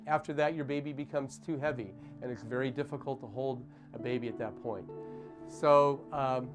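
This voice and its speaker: A male pediatrician giving a calm, measured instructional demonstration in a doctor's consultation room. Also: on the high side. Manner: calm, measured, gently explanatory.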